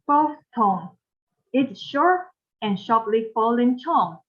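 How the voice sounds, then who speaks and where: A woman with a Mandarin Chinese accent teaching pronunciation, speaking slowly, repeating phrases and modeling tones for learners to repeat. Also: on the high side, expressive, muffled recording. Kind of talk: pronunciation lesson.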